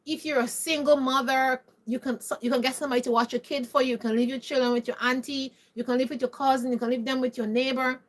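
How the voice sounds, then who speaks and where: Woman vlogger, high voice, emphatic and preachy monologue. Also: flat delivery, quick pace, few pauses. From Caribbean. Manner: emphatic, preachy, repeated rhetorical questions. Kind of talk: opinionated monologue to camera.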